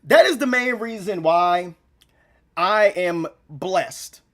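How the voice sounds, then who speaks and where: A man's voice: high voice, lively intonation, slow. A young man talking straight to camera in an emotional, rambling monologue, repeating himself, using slang, and close to tears. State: near tears. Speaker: gaming channel vlogger.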